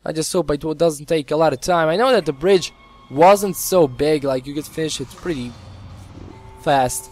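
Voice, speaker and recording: A man hosting a gameplay video with a strained voice, giving excitable, casual commentary and swearing freely. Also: fairly high pitch, normal speed, faint music behind. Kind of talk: casual let's-play commentary.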